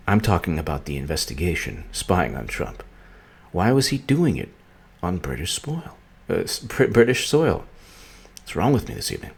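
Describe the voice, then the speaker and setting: A man's voice: sits low, big pitch swings, normal speed, vocal fry, breathy edge. A man hosting a political commentary vlog, rambling and sarcastic, often stumbling and restarting his sentences.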